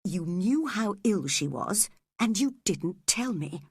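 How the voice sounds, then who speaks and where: Stern, cold gentleman husband, read by a woman narrator; clipped, slow, slightly husky. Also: medium pitch, expressive, no room sound, studio quality, full character voice.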